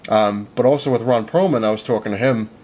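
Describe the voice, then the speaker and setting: Speaking quickly in a lowish, somewhat dark voice, a young man vlogs about a comic convention he attended. It's casual chat full of fillers, rambling along as he recounts conversations.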